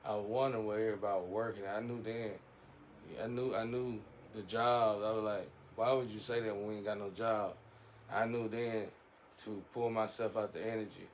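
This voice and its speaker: A man with a fairly low voice rambles through a casual, preachy spiritual monologue, circling back and repeating his phrases. A faint hiss of noise sits behind him. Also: poor audio. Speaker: speaker giving a monologue.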